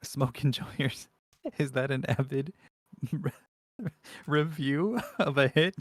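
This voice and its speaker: A man's voice: medium pitch, slow pace, no room sound. A man co-hosting a casual commentary show, incredulous and mocking as he reacts. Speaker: co-host.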